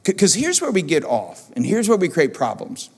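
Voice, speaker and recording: A man preaching as pastor, animated and repeating phrases for emphasis, in a church auditorium. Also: fairly high pitch, normal speed, slightly rough. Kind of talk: sermon. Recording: long church hall reverb.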